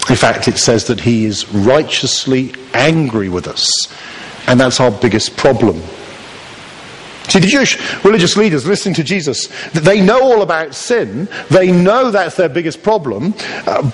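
A man's voice: fairly high pitch, slightly rough. A man preaching a sermon in a church, telling stories in a conversational way with playful asides. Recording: long reverb of a church hall.

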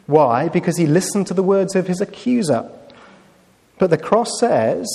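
A man's voice: sits high, big pitch swings, normal speed, vocal fry, a little mellow, long reverb tail. Male preacher with a lightly raised voice. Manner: conversational, with fillers and rhetorical questions. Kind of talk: sermon with storytelling.

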